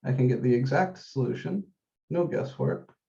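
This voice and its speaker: A man with a dark, gravelly voice lectures on math in a roomy classroom, and the recording sounds dull and echoey. He walks through each step methodically, repeats the key points, and slows down on the numbers. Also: mid-range voice. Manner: methodical, repeats key steps, says numbers slowly while writing. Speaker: math instructor.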